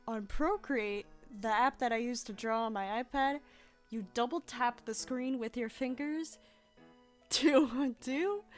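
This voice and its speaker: A young adult woman streaming casually as she draws. She rambles, restarts and rephrases herself, laughs often and swears casually. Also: high-pitched. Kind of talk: casual chat while drawing.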